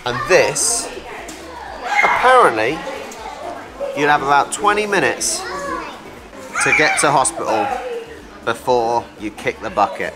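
A man's voice: medium pitch, expressive, measured pace, long pauses, a loud crowd, very noisy. A man filming a travel vlog as he walks around a wildlife park, chatting playfully about the animals. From England. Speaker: travel vlogger. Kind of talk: casual walk-and-talk vlog commentary. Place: outdoor wildlife park and reptile house.

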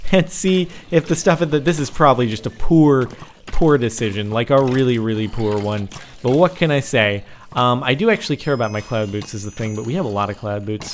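A young man in his twenties giving casual, excitable commentary while playing a survival game, with sudden yelps. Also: mid-range voice, vocal fry, a little hiss or hum. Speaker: gaming video host. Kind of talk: casual let's play commentary.

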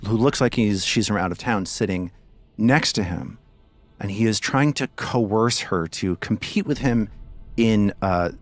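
A man's voice: lowish voice, no echo. Man narrating as game master. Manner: casual descriptive narration with fillers.

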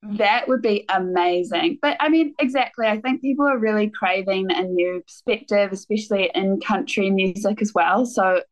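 A woman's voice: mid-range voice, normal speed, hardly any pauses, rough recording. A woman from New Zealand with a New Zealand accent, a musician in her thirties talking casually in an interview, laughing often and restarting her sentences. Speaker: guest musician.

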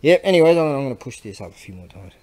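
A man's voice: mid-range voice, big pitch swings, rapid-fire, heavy background noise. A man rambling casually to the camera while working with tools, crude and joking, with mumbled asides. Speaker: vlogger selling Japanese goods.

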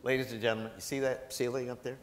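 A man's voice: medium pitch, flat delivery, fast talker, slight background noise. A man speaking as a guest at a gala, telling humorous stories to a live audience in a chatty, jokey way and quoting the people in them. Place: large event hall. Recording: echoey hall.

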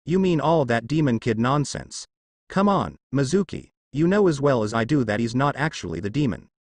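A man's voice: medium pitch, expressive, moderate pace, no echo. Iruka, a man doing an earnest young ninja teacher.

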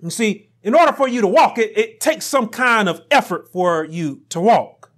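A man preaching a sermon as pastor, building to emphatic peaks and dropping to quiet asides. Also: high-pitched, animated, moderate pace.

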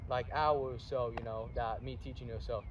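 An actor playing a hot-tempered, foul-mouthed fight instructor who curses and blusters, recorded outdoors. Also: male voice, mid-range voice, fairly even intonation, fairly quick, dull audio, close to an everyday voice. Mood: gruff. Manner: cursing, blustering, filler-heavy. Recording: distant mic, clear outdoor noise.

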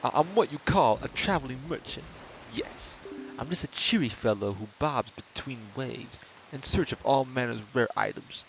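A cheery wandering merchant of the waves, as a man puts him on, talking in a halting drawl with odd stresses. His pitch sits in a plain middle range, and a faint patter of rain runs underneath. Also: expressive, gravelly, noisy background. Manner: halting, oddly stressed phrasing. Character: cheery male traveling sea merchant in a famous actor's halting drawl.

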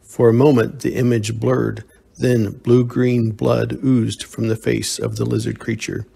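A man narrating a science fiction short story in a measured, steady reading. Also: medium pitch, vocal fry, husky.

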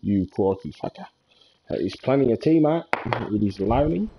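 A man's voice: medium pitch, expressive, normal speed, muffled recording. A man chatting casually and joking with lots of swearing while streaming a game from home. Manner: laid-back, profane, joking. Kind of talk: casual live-stream chat. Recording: noisy home stream audio.

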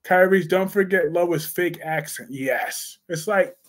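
A young man hosting a casual soap opera live stream, chatting and laughing as he reads viewer comments in a slangy, animated way. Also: high voice, a little slow, a little hiss or hum. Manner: animated, laughing, slangy, reacts loudly to chat.

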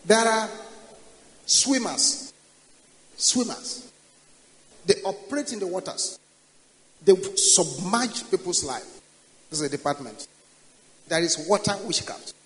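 An older Nigerian pastor preaches, his voice sitting high. He swings from plain storytelling into loud, commanding prayer declarations. A long hall reverb trails after every phrase. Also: animated, slow, pauses often, slight background noise. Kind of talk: sermon with prayer.

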